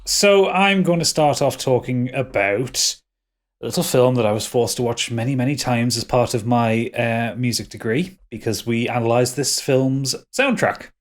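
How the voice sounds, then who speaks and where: A man's voice: mid-range voice, moderate pace. A man co-hosting a podcast, ranting and swearing as he critiques a film. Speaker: podcast co-host. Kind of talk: casual podcast chat.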